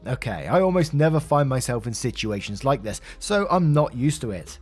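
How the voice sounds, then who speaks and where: Male story narrator over soft music. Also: mid-range voice, big pitch swings, moderate pace. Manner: conversational storytelling with asides.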